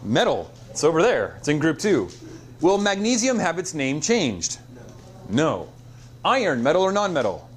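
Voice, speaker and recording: A middle-aged male chemistry teacher lecturing a class, his pitch leaping up and down as he quizzes the room with playful jokes. His voice sits a little high for a man. Faint classroom noise hums behind him. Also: moderate pace. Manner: lively, joking, quizzes the class with call-and-response.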